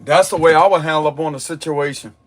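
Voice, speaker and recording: A man's voice: fairly high pitch, fairly even intonation, fast talker, a little hiss or hum. A man giving a blunt, emphatic tarot reading monologue, repeating his points with a strained voice. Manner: forceful, emphatic, repeats himself. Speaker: tarot reader.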